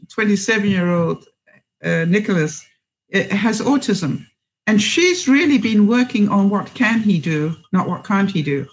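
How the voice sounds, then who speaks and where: A woman vlogger hosts a live stream, reading viewer comments aloud and answering with encouraging advice, rambling with many fillers and restarts. Her voice is mid-range and the audio is poor.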